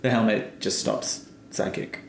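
A man's voice: a little slow, slight background noise. A man co-hosting a podcast, explaining details at length in casual chat. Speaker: podcast co-host. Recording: echoey room.

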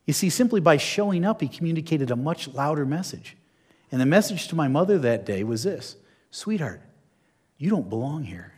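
A man's voice: fairly high pitch, animated, fairly quick. A middle-aged man preaching a sermon, telling a story and putting rhetorical questions to his listeners.

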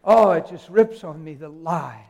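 A man preaching a live sermon in a church hall, emphatic and joking with the congregation, swinging from hushed asides to loud declarations. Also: on the high side, normal speed. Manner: jokes with the congregation.

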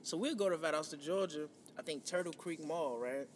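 Man, 30s, from New York, profane animated storyteller, high-pitched, faint rumble behind. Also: a little fast, long reverb tail. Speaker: podcast host. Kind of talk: casual storytelling chat.

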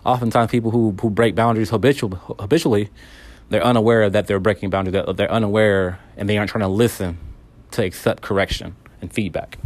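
Calm, earnest man with a lowish voice. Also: fast, slight background noise. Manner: calm and earnest, many repeated words and restarts. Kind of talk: candid self-help monologue.

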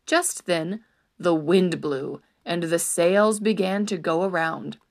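A woman narrating a storybook in an expressive, animated storytelling manner. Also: lowish voice, takes it slowly, creaky.

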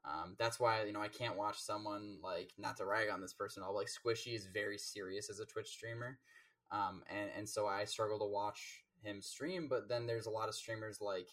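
A man's voice: on the low side, fairly even intonation, normal speed, a bit bright, far from the mic. A man, a game coach, chatting casually as a guest and rambling through stories with many fillers and restarts. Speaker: Rocket League coach and guest. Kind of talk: casual interview chat.

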